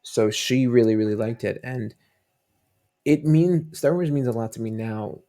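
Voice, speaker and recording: A man's voice: medium pitch, moderate pace, warm tone. A man who is a father, guest on a fan podcast, telling stories in a rambling, casual way with many fillers and restarts. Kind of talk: casual interview chat.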